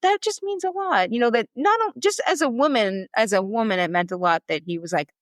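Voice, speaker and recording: Woman, marathon coach, podcast guest, animated storyteller, dry close sound. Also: medium pitch, no room sound. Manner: animated, quick storyteller acting out quotes. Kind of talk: casual storytelling interview.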